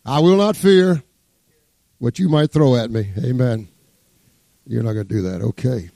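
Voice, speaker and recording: A man preaching a sermon as pastor, fervent, swinging between loud exclamations and hushed asides as he reads scripture. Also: mid-range voice, a little slow, gravelly, no room sound. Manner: exclaims praise words, reads scripture aloud.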